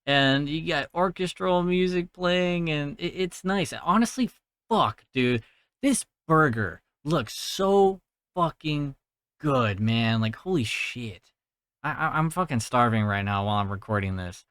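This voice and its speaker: A man's voice: on the high side, lively intonation, measured pace, a bit bright, clean tone, no echo, studio quality. Laid-back profane man recapping a movie. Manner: profane, laid-back, laughs at his own jokes. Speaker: podcast host recapping a film. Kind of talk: casual solo movie recap.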